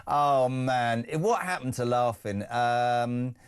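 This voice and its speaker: A man's voice: medium pitch, slow pace, clear, resonant tone. Jokey middle-aged male radio host. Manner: jokey, reads out listener messages. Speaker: radio breakfast show host. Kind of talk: live radio phone-in chat.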